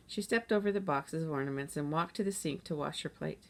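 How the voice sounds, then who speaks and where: A woman narrating a children's chapter book aloud in a steady, gentle reading manner. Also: sits low, brisk, vocal fry, few pauses. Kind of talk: storybook read-aloud.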